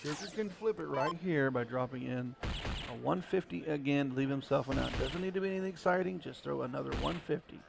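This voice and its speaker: A man with an Ozark accent calling a darts match live, folksy, chatty and excitable. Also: a little high, brisk, gravelly. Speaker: darts commentator. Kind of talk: live play-by-play commentary. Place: darts venue. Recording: crowd chatter behind.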